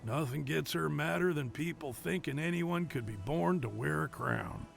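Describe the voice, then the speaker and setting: An actor playing a gruff adult male adventuring companion in a video game, with a wry, musing way of telling things. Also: a little high, moderate pace, faint music behind.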